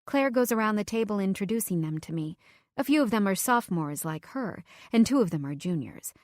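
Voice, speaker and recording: A woman's voice: medium pitch, animated, brisk, darkish tone, no room sound. Dry close young woman narrating. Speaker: audiobook narrator. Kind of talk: first-person romance audiobook narration.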